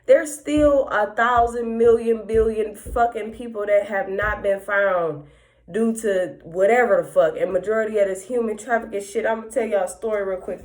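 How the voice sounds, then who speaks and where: A young woman hosting a podcast, telling a long story in a rambling, profane, animated way with heavy slang. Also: mid-range voice. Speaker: podcast host. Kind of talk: casual storytelling monologue.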